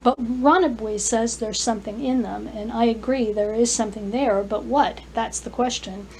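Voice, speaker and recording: A woman voicing a practical young woman who runs a shop, speaking in lively, brisk questions. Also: on the high side, slight background noise, lightly acted.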